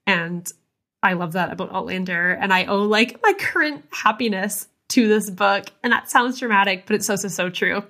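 A woman's voice: mid-range voice, moderate pace, fairly bright tone. A young woman hosting a book club podcast in casual chat, earnest and gushing, with many likes and restarts.

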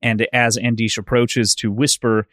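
A man's voice: mid-range voice, level tone, measured pace, a bit bright, dry recording, clean studio sound. A man co-hosting a casual book discussion podcast, recapping scenes thoughtfully with a lot of "like" and "sort of". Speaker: podcast co-host.

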